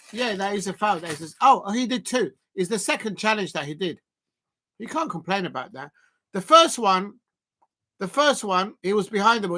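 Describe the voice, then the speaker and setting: Bright-voiced man reacting to football. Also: high voice. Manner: loud emphatic outbursts between halting, filler-heavy talk. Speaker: football watch-along host. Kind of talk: live match reaction commentary.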